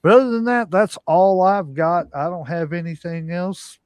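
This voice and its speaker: A man's voice: sits high, moderate pace, dry recording. A man co-hosting a podcast, casually reading weekly wrestling results with lots of "uh" fillers. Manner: reads results with frequent "uh" fillers. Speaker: podcast co-host.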